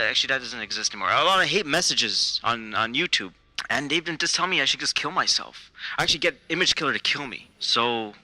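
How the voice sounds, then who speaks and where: A man's voice: mid-range voice, sharp tone, low-quality recording. An actor playing a desperate, rambling male comedian who calls into a podcast, stammering as he talks. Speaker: caller. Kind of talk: comedic audio drama acting.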